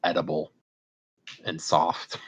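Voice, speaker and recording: A young man co-hosting a podcast, chatting casually in a rambling, deadpan way full of "like". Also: a bass voice, takes it slowly. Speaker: podcast co-host. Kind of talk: casual chat.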